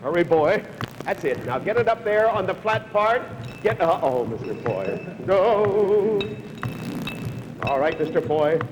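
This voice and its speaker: A man hosting a live television game show, chatty and brisk as he coaxes contestants through a stunt. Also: sits high, very animated, big-room sound, music in the background, low-quality recording.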